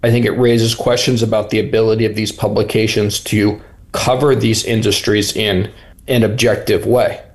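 A man's voice: fairly low pitch, level tone, moderate pace. A reporter being interviewed, a man who answers thoughtfully with frequent restarts and fillers. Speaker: reporter guest.

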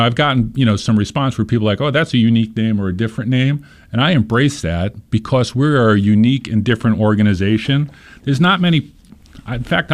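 Low-pitched man, interview guest, earnest and explanatory. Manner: earnest, explains with examples and stories. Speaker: nonprofit leader being interviewed. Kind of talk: conversational interview.

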